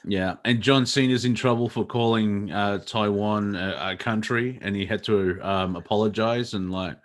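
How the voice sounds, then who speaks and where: A man's voice: fairly low pitch, fairly even intonation, moderate pace. A man riffs loosely on a casual comedy show. He rambles from one thing to the next and laughs his way through his own sentences, in an irreverent, joking way. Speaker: co-host.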